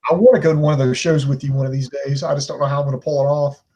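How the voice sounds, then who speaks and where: A man's voice: medium pitch, steady tone, rapid-fire, mellow. A man co-hosting a casual wrestling podcast, laid-back and reasoning things through aloud. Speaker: co-host.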